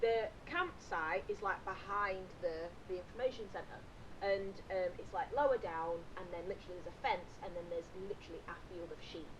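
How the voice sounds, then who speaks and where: A woman's voice: fairly low pitch, normal speed, noisy background. A woman with a Yorkshire accent, co-hosting a casual podcast and telling stories with lots of swearing. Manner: animated storytelling, heavy swearing. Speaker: podcast co-host. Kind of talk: unscripted casual chat. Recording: dull lo-fi podcast audio.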